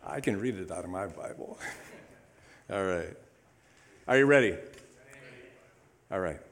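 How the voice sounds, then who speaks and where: A man's voice: deep voice, unhurried. A male pastor preaching a sermon in his church, upbeat and chatty, often calling for amens from the congregation. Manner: upbeat, calls for amens, lively congregation prompts. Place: church sanctuary.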